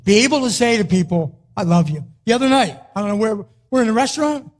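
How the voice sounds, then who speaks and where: High-voiced older man giving a motivational speech. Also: fast. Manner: emphatic, repetitive, rising to a shout on key lines. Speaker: motivational speaker.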